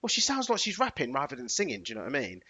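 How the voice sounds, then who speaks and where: A man co-hosting a podcast, chatting casually in animated, slangy banter. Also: medium pitch, rapid-fire, breathy edge, muffled recording. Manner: animated, slangy banter with bursts of playful singing. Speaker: podcast co-host. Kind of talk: casual chat.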